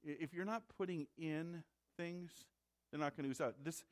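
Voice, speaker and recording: A man's voice: fairly high pitch, normal speed. A man from the Midwest preaching a sermon as a pastor, in a conversational way that repeats words when he presses a point.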